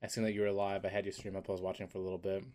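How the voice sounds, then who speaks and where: A man co-hosting a podcast in casual chat, telling stories in an animated way. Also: low voice, very fast. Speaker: podcast co-host.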